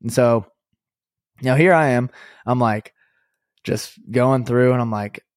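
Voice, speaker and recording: A young adult man hosting a podcast, telling a story in a chatty, animated way with lots of fillers and self-corrections. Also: medium pitch, unhurried, no room sound, studio quality. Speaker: podcast host and company co-founder. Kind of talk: casual storytelling monologue.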